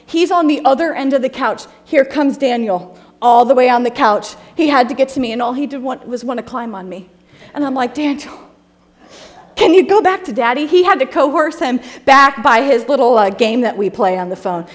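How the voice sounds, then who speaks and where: A woman in her thirties giving a casual, humorous talk with slides, chatty and quick to laugh as she tells stories and acts out quotes. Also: fairly high pitch. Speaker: speaker presenting slides to a group.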